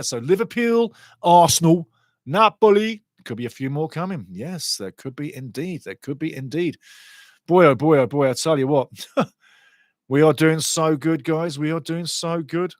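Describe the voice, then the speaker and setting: This is a man hosting a live match watchalong, and he is excitable and chatty. His voice sits a little high and sounds close and dry, with no room around it. He keeps repeating his favourite phrases and breaking into laughter. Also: dry recording. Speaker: watchalong host.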